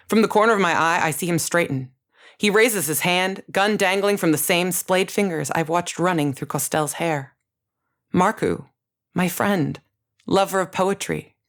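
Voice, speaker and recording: A woman narrating a first-person story in a measured, scripted reading. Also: lowish voice.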